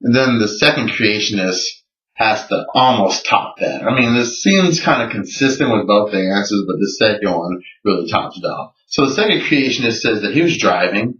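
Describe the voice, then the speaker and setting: A man's voice: medium pitch, a bit bright. A man telling a story in a personal video submission, earnest and incredulous as he recounts conversations. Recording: roomy, distant, dull lo-fi recording.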